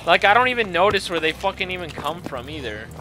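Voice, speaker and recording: Young guy swearing nonstop at a shooter game, kinda high voice, heavy gunfire blasting behind him. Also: sing-song, quick pace, heavy background noise. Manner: profane, frustrated, with sudden angry outbursts. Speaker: gaming video creator. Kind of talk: ranting gameplay commentary. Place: at home playing a console shooter.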